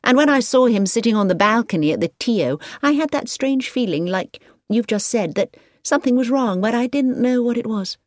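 A woman reading the part of a quick-witted, spirited young woman in an audiobook, speaking in a brisk, lively way. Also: on the high side, no echo, clean studio sound, voice pushed up, close to an everyday voice. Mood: confiding.

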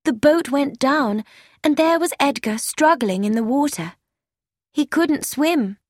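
A young woman pours out a worried, chatty letter in earnest, confiding tones, as a woman narrator reads it. The voice sits high and moves slowly. The recording is dry and close. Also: expressive, no room sound. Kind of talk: scripted narration.

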